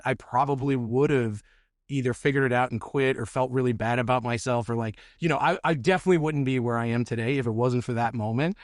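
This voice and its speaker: A man's voice: medium pitch, dry recording, studio quality. A man from New Jersey hosting a podcast, telling a candid story in casual chat, often repeating words and swearing. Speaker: podcast host.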